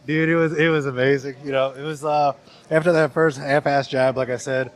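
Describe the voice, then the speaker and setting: A young male boxer talking about his fight in a relaxed, slangy, laid-back way. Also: mid-range voice, a little fast. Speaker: boxer being interviewed. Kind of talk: post-fight interview.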